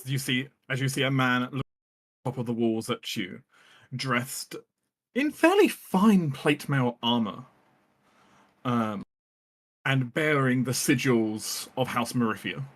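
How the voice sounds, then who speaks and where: A man running a tabletop game as its game master. He describes the scene in an easy, conversational narration at a mid pitch. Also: animated, takes it slowly, pauses often.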